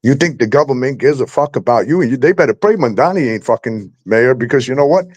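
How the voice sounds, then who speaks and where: A man's voice: mid-range voice, expressive, fast, a little mellow, no room sound. A man hosting a talk show, ranting heatedly and swearing constantly about landlords and the police. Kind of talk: angry profane rant.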